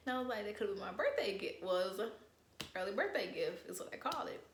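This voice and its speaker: A young woman in casual storytime chat, animated and profane, acting out what people said. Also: mid-range voice, fairly quick, echoey room, a little hiss or hum. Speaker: vlogger.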